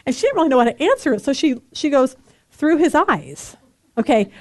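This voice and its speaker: A woman in her forties leads a relaxed Bible study and talks as if chatting with friends. Her voice sits a little high, and she tells stories with lively energy and frequent laughter. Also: rapid-fire, no echo. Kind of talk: casual Bible study teaching.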